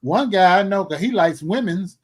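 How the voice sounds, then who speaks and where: A middle-aged man hosting a casual talk show, animated, exclaiming and joking as he talks. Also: high voice, normal speed. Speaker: show host. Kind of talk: casual chat.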